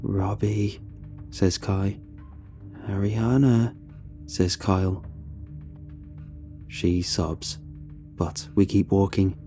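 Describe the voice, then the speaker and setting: A man narrating a scripted horror story in a steady, suspenseful manner. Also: sits low. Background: faint background music.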